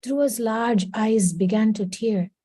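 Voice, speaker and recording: Woman storyteller for a class reading; dark, warm tone, dry close sound. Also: on the high side, unhurried, no room sound, rough recording. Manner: reads steadily, slips into brief quoted voices. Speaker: class reader. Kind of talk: storybook read-aloud with character voices.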